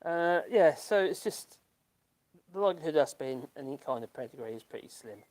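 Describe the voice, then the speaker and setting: An older man with a Norfolk accent, hosting a casual livestream and reading chat comments in a rambling, halting way full of ums and laughs. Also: fairly high pitch, lively intonation, a little mellow. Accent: Norfolk English. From Norfolk, England.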